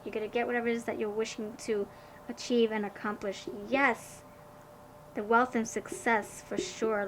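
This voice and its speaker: A woman giving a pick-a-card tarot reading, gushing and excited, tripping over and restarting her words, then slowing to a hushed, soothing tone for advice. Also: a little high, a little hiss or hum, poor audio.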